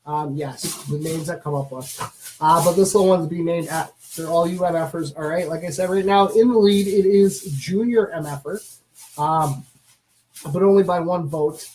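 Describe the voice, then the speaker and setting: A man's voice: on the high side, moderate pace, rough recording. Chatty man cooing over a baby lizard. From Canada. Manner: chatty, many fillers, coos softly at the animal. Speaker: streamer showing a pet lizard. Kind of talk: casual livestream chat.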